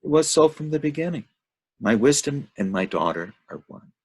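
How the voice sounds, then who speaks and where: A man reading the lines of an old male prophet, in a slow solemn manner. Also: on the high side, very animated, husky, no echo, voice pushed up.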